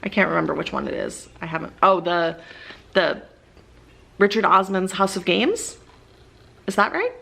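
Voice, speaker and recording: A woman's voice: fairly low pitch, lively intonation, normal speed, gravelly, pauses often, pushed and bright. A young woman casually rambling about her favorite books as a book vlogger, with many fillers and eager bursts.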